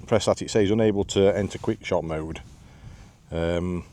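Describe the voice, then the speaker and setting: Man, low mellow voice, casual walking vlog, rambling with fillers, outdoors in the wind, camera mic. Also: moderate pace. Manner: chatty and rambling, many "uh" fillers, self-deprecating. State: out of breath after climbing. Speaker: vlogger. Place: outdoors on a windy hillside path.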